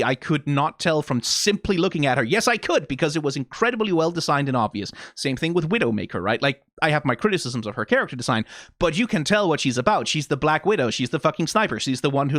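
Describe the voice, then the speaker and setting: A man's voice: a little high, a bit bright, no room sound. Danish-accented man, dry close sound. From Denmark. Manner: rambling, profane, full of rhetorical questions. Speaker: video game reaction YouTuber. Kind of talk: casual reaction commentary.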